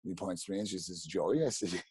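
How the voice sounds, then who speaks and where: A man telling stories as a podcast guest, animated and rambling, with many restarts. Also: low-pitched, quick pace, husky. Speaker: podcast guest, real estate agent. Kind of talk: casual storytelling interview.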